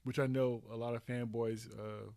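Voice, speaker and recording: A man co-hosting a casual podcast, talking in a rambling, animated way with many restarts. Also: mid-range voice, moderate pace, no echo. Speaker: podcast co-host. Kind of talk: casual chat.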